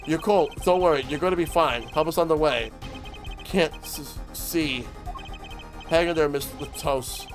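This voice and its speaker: A man's voice: on the high side, brisk, hardly any pauses, over music. A man streaming a courtroom video game, reading the protagonist's lines and his own thoughts aloud in a plain, earnest way.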